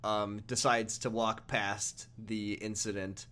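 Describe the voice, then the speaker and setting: Brief: man, podcast co-host, casual chat, laughs often, jumps into excited high bursts. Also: slow pace.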